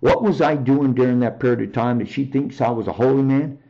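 A man giving a rambling, emphatic personal testimony on a talk show, often raising his voice to near shouting. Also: mid-range voice, a little fast, vocal fry, lo-fi sound.

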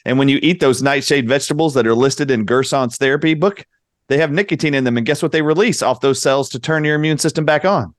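A man's voice: mid-range voice, fast, no echo. Guy doctor explaining insistently, dry recording. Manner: insistent, lecturing. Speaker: interview guest, doctor. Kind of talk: interview talk.

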